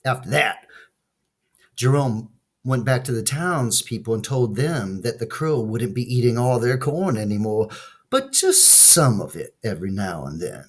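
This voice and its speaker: A man reads a children's story aloud at a slow, unhurried pace. His voice is husky and his pitch moves in a lively way as he tells the tale gently. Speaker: narrator.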